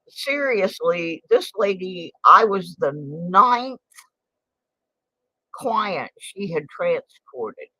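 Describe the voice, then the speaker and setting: Older woman streamer, late 60s, lively swooping pitch, dry close sound, chatty and incredulous. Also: husky, no echo. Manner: indignant, exclaiming, drawn-out storytelling. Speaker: livestream host. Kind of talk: casual livestream chat. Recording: dull lo-fi stream audio.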